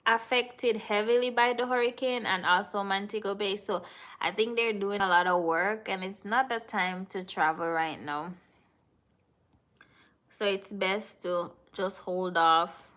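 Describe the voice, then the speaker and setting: A woman's voice: mid-range voice, fairly even intonation, unhurried, a bit bright. A Jamaican woman hosting a live stream, chatting casually and answering viewers in the chat. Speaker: livestream host.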